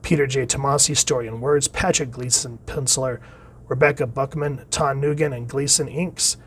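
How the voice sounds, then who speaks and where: A man hosting a casual solo comic book review. He reads the comic's dialogue aloud with enthusiasm, and his voice often trails off quietly at the end of phrases. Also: mid-range voice, steady tone, moderate pace, a little hiss or hum.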